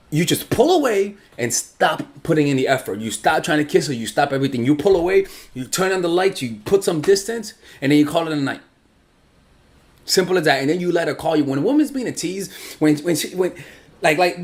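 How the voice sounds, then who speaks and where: A man working as a dating coach, giving blunt advice in a casual monologue and swearing freely. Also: fairly high pitch.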